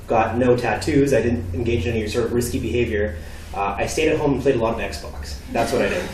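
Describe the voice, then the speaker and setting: A young man from Canada giving a storytelling talk, acting out dialogue with lively delivery. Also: mid-range voice, brisk, slight background noise. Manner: animated, acts out dialogue. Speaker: speaker. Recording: echoey hall from far off.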